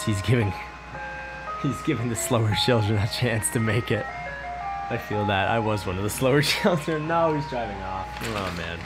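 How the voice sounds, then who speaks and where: A young man with a low voice rambles through a long story while playing a game, swearing freely and circling back on himself. Game music plays clearly under his commentary. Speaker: gaming channel host. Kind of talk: let's play commentary.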